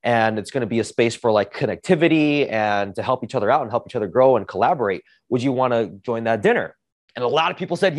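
A man hosting a podcast, telling a story in a casual, energetic way, swearing often and saying "like" a lot. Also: medium pitch, fast, no room sound, studio quality. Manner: energetic, profane, heavy use of "like". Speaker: podcast host.

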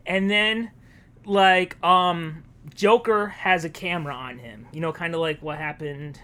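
A man's voice: fairly high pitch, steady tone, a little slow, sharp tone, smooth. A man co-hosting a podcast, casually retelling a story he wrote and acting out the characters' lines. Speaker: podcast co-host.

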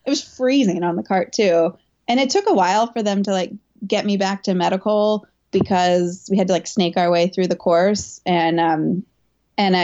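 A woman's voice: mid-range voice, warm tone. A woman athlete tells her story in an interview, chatty and candid, with lots of fillers and restarts. Her voice sits in a middle range. The sound is dull and lo-fi, like remote audio. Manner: chatty, filler-heavy, emotional retelling. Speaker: elite marathon runner and coach.

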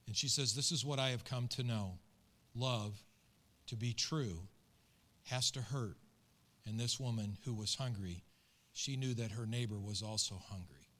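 A man's voice: lowish voice, a little slow, a bit bright. A middle-aged man, a pastor, telling a story in an earnest, emotional and colloquial sermon.

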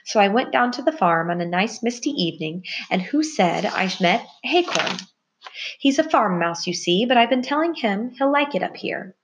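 A woman's voice: animated, normal speed, background noise, close to an everyday voice. A woman voicing a chirpy bossy little girl mouse. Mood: cheerful. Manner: bossy, cheerful, high chirpy voice. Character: small bold young female mouse, chirpy.

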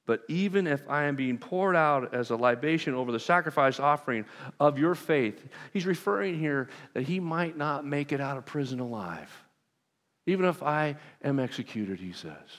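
A man preaching a sermon as pastor, talking to his congregation in a conversational, self-deprecating way with lively asides. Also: fairly high pitch, normal speed. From Southern California. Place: church sanctuary. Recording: long reverb of a large hall.

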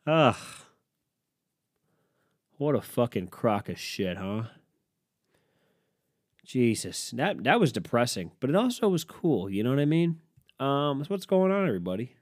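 A man's voice: mid-range voice, very animated, a little slow, pauses often, dry recording, clean studio sound. A man, hosting a solo podcast and ranting sarcastically, swearing often as he reacts to headlines. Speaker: podcast host. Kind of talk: profane solo podcast rant.

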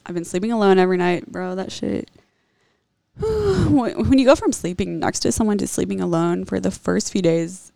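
Young woman vlogger, blunt confessional storyteller who curses often; raspy vocal fry, dead-dry recording. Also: mid-range voice, lively intonation, normal speed, warm tone, no echo. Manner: blunt, heavy swearing, candid. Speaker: vlogger telling a personal story.

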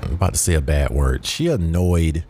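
A man's voice: very deep voice, normal speed, mellow, a little hiss or hum. A man from the South, casually rambling through a show review with lots of asides and fillers. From Southern United States. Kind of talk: casual monologue.

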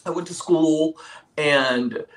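A man's voice: on the high side, takes it slowly, fairly bright tone. A man from South Korea, a guest telling personal stories in casual chat, laughing often as he talks. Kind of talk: casual storytelling.

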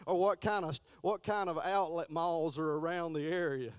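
Middle-aged guy teaching sunday school, folksy, trips over words reading, kinda high voice. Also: steady tone, normal speed, clear, resonant tone. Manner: folksy, stumbles and restarts while reading aloud.

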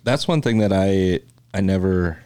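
A man with a very low voice co-hosts a podcast in relaxed, chatty talk. He restarts his sentences often. The sound is dry and close. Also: unhurried, clean tone, dry recording. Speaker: podcast co-host. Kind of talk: casual chat.

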